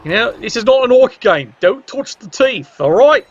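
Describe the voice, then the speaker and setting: A man's voice: extremely high pitch, lively intonation, moderate pace, no room sound, highs cut off. A man giving casual, chatty commentary on a tabletop-style video game, joking with viewers in the chat.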